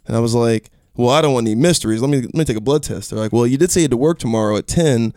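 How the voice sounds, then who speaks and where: Fast-talking man telling a story. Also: mid-range voice, no room sound, studio quality. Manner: animated, acts out quotes in raised voice, swears. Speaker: podcast guest. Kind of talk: casual storytelling.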